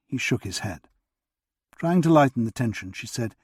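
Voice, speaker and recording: A man narrating a historical romance audiobook in a measured, even storytelling manner, with a husky voice, in a studio booth. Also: medium pitch, no echo.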